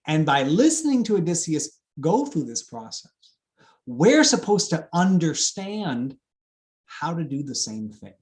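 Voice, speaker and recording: A man, a classics scholar, explaining ideas in a thoughtful lecture talk, often pausing with ums and restarting sentences. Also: fairly high pitch, sing-song.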